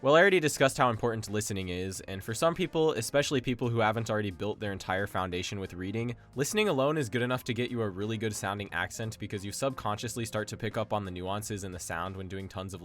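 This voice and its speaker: A man's voice: on the low side, fairly bright tone. A man narrating a casual explainer video in a slangy, opinionated way. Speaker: language-learning video host.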